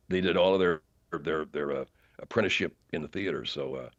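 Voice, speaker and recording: A man guesting on a podcast, an actor telling long casual stories in a rambling, animated way, full of fillers and restarts. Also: very deep voice, moderate pace, highs cut off. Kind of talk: casual interview storytelling.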